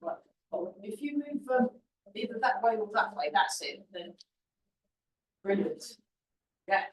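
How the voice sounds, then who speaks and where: In a spacious class hall, a woman leads tai chi, demonstrating and talking through each move with chatty encouragement. Her mid-range voice is sing-song and a little slow, captured by a faraway camera that picks up the hall's echo.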